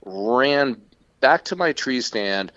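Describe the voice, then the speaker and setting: A man co-hosting a podcast, telling a casual, profane story in an animated way. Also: mid-range voice, slow pace, dry recording. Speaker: podcast co-host. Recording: dull lo-fi sound.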